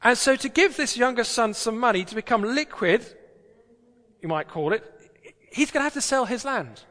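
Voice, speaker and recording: A man's voice: very high-pitched, animated, normal speed, fairly bright tone, in a large hall. A British man preaching a sermon in a church, talking in a conversational, emphatic way with rhetorical questions.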